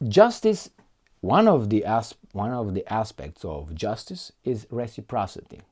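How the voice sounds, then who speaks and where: A man's voice: lowish voice, sing-song, a little slow, darkish tone, husky. A man giving casual, profane political commentary, reading articles aloud and mocking them with frequent laughs.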